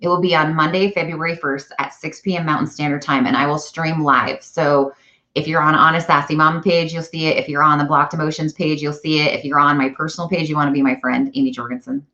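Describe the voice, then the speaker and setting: A woman chatting casually on a live stream, animated and self-correcting as she talks. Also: low-pitched, fast talker. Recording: dull lo-fi live-stream audio.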